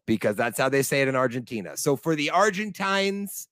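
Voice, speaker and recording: A young American man co-hosting a casual sports podcast, talking with animated enthusiasm and laughing easily. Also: mid-range voice, normal speed, no echo. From United States. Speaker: podcast co-host.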